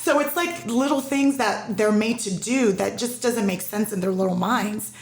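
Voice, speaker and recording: A woman's voice: mid-range voice, normal speed. A middle-aged woman speaking as a parent guest in a casual podcast conversation, telling her story with emphasis and quoting the people in it. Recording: roomy echo.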